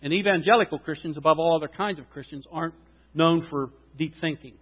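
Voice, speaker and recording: A male pastor preaching a sermon, swinging between loud emphatic preaching and quiet joking asides. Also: on the high side, fast talker. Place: church sanctuary. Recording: dull sound with long hall reverb.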